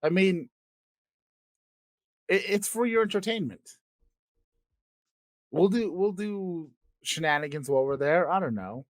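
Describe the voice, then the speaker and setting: A man chats loosely on a podcast, his voice sitting a touch high. He rambles, restarts his sentences and lets them trail off, with a casual curse here and there. The sound is close and dry, with no room around it. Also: expressive, measured pace, long pauses, no room sound. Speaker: podcast co-host.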